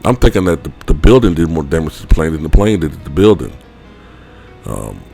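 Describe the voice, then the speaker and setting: A man's voice: very deep voice, big pitch swings, fairly quick, vocal fry, mellow, slightly rough, faint music behind. A man vlogger telling a personal story in a rambling, casual way, full of fillers and offhand swearing.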